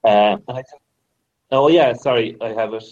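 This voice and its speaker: A male podcast guest chatting in an easy, hesitant way and agreeing readily with his hosts. His voice is mid-pitched. The sound is muffled and lo-fi, as if it came over a remote call. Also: normal speed, darkish tone. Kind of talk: casual podcast chat.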